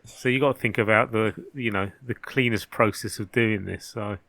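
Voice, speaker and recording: A man's voice: on the low side, moderate pace, gravelly, a bit bright, dry recording. A man in casual podcast chat, joking and bantering as a guest. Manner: jokey, banters and calls people mate.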